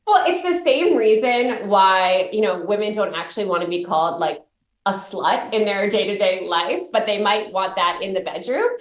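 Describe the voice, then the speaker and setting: A woman's voice: mid-range voice, moderate pace, echoey room. A woman who founded an app, a guest on a radio show, explaining her product in a fluent and upbeat way. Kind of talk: radio interview.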